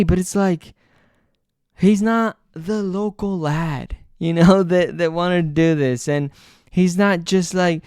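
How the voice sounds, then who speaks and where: A man's voice: a little high, smooth, no echo, clean studio sound. A man giving casual, profane, exasperated commentary as a football vlogger, rambling with fillers.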